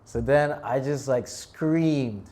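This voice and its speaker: Casting: man in his thirties, animated storyteller in a temple talk, mid-pitched voice, laughs a lot. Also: takes it slowly. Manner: animated, laughs often, bursts into shouted prayers. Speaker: monk preacher.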